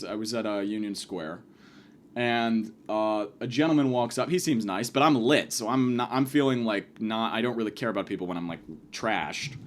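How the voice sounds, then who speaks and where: A man telling a rambling, profane comic story about his night out, often restarting sentences and acting out the people in it. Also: medium pitch. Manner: rambling, profane, self-mocking, acts out shouted quotes. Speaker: podcast host. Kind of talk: casual comedic storytelling monologue.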